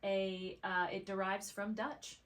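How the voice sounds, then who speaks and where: Bright, forceful Canadian woman chatting. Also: medium pitch, level tone. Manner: chatty storyteller, quick asides. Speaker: podcast co-host. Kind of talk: casual chat. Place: podcast studio.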